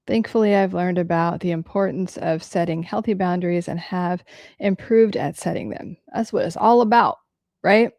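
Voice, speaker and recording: A woman's voice: medium pitch, dark tone, dry recording, studio quality. A woman hosting a casual livestream, answering viewer comments candidly and swearing freely.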